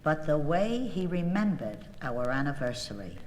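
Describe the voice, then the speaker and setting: A woman's voice: deep voice, big pitch swings, measured pace, a little mellow, in a large hall, a little hiss or hum. A woman delivering a comic monologue, telling an exasperated story to a listener.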